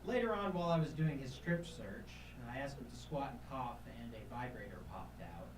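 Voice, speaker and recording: A man's voice: lively intonation, fairly quick, reverberant, far from the mic, background noise. Off-mic man spinning rambling stories. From Tennessee. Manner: hesitant with many fillers, jumps to loud high voices quoting people. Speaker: podcast guest. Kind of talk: casual storytelling.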